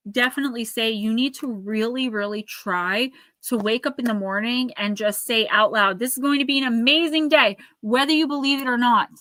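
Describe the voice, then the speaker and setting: Reading oracle cards live for her viewers, a woman sounds earnest and caring and addresses people by name. Her voice is bright, clear and a little high. The sound is dry and close, with no room echo.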